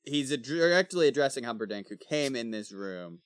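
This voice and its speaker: A podcast co-host in casual book club chat, teasing and drawling, often trailing off softly. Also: medium pitch, lively intonation, brisk, smooth, no echo, studio quality.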